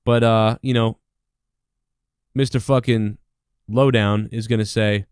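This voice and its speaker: A male show host rambles through a profane comic rant. His voice is smooth and resonant, and it is recorded close and dry with no room sound. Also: on the low side, steady tone, takes it slowly, darkish tone, no echo. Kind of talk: profane comedic monologue.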